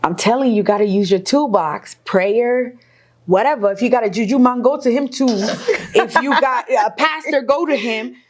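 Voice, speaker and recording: A woman's voice: fairly high pitch, moderate pace. A middle-aged woman, a guest in an interview, telling her own story with candid energy, laughing often. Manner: animated, laughs often, acts out quoted voices.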